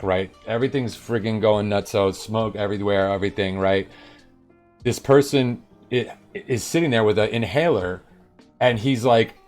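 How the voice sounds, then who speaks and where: A middle-aged man from New York telling a story on a live stream, animated and acting out the people in it. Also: fairly low pitch. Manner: animated, acts out voices of people in his story, swears. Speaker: livestream host. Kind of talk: casual storytelling on a coding stream.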